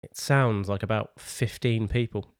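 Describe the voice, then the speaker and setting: A man's voice: fairly low pitch, fairly even intonation, a little slow, dry recording, clean studio sound. A man running a tabletop game as game master, playful and laughing as he calls out rolls and damage.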